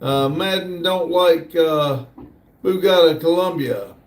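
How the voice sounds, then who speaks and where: A man hosting a casual livestream, slowly reading viewer comments aloud in a drawl. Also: on the high side. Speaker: livestream host reading chat. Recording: echoey room, distant mic.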